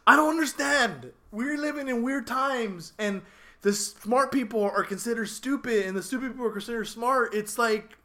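A man hosting a casual talk podcast, ranting in an exasperated, animated way. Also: extremely high pitch, moderate pace. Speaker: podcast host. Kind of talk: casual opinionated chat.

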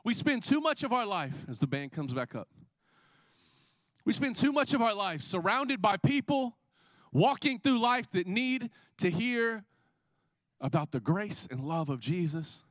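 A man in his thirties preaching a sermon as a pastor, telling stories in an animated way and acting out the scenes. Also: sits high, measured pace, no room sound, highs cut off. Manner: animated storytelling, acts out scenes. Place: church.

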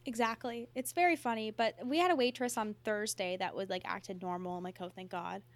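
A woman co-hosting a podcast, talking in a casual, animated way with lots of filler words. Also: on the high side, brisk. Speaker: podcast co-host. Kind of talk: casual chat.

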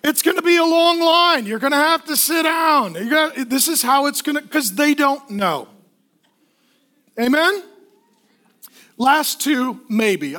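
A man preaching a sermon as pastor, telling stories in an animated way, acting out voices and asking the congregation to answer back. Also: very high-pitched. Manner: animated storytelling with acted kid voices, asks the congregation for responses.

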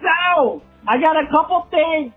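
A man voicing an excitable male caller who walks a pet pig, talking in a shrill, exclamatory way, heard as a phone voicemail. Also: unhurried, narrow, tinny audio, faint music behind. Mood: excited.

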